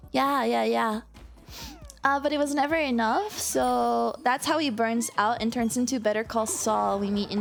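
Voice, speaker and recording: A woman chats with her viewers while playing a game, her high voice a little strained and tired. She talks at an unhurried pace, apologizing often and getting easily excited. Faint game music plays behind her. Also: vocal fry. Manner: excitable and apologetic, prone to loud squeals. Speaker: streamer. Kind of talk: casual gameplay chat with viewers.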